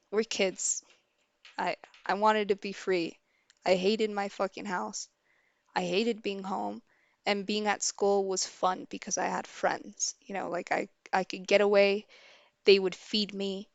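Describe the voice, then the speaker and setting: A young woman with a gravelly, creaky edge to her mid-pitched voice, recounting a story on a livestream. She talks casually, swears freely and acts out what people said. The sound is dry and close. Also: flat delivery, slow, no echo, dull audio.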